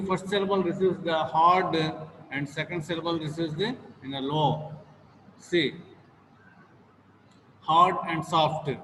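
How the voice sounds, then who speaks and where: Slow-talking Indian English male teacher. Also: a little high, a bit bright, slight background noise. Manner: slow and repetitive, with many "uh" fillers and drills. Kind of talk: classroom lecture on word stress. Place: classroom. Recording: long hall reverb, faint ambience.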